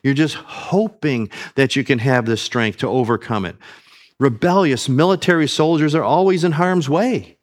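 A man's voice: mid-range voice, moderate pace. A man preaching a sermon, earnest, calling his listeners family and asking them questions.

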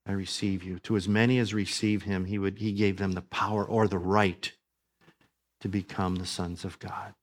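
Preaching man with a lowish voice. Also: little pitch movement, moderate pace. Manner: rising to emphatic preaching, then praying softly. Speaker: pastor. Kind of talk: sermon. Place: church building.

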